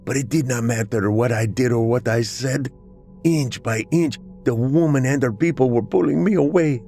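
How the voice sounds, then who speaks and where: A man narrating a dramatic story in the first person, with expressive, emotional delivery. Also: mid-range voice, normal speed, soft background music.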